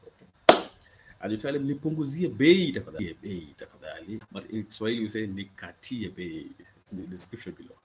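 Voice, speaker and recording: A man teaching useful phrases in a casual lesson, patiently repeating each one slowly and checking in with frequent okays. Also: low voice, noisy background. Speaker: Swahili language teacher. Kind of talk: casual spoken language lesson.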